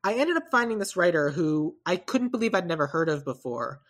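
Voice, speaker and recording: A woman co-hosting a casual podcast, talking through casting picks in a rambling, self-correcting way with animated asides. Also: on the low side, fairly quick. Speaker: podcast co-host. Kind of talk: casual chat about movie casting.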